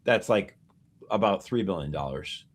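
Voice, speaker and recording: Man, low voice, podcast co-host, casual news talk, animated explainer. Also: normal speed, husky. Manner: animated explainer, piling up figures and asides.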